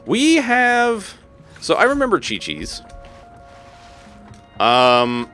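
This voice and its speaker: A man's voice: sits high, very slow, soft background music. A man in his thirties streaming a game live, joking and swearing freely as he chats with his viewers. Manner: animated, joking, swears freely, talks to chat. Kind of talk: casual live-stream chat while gaming.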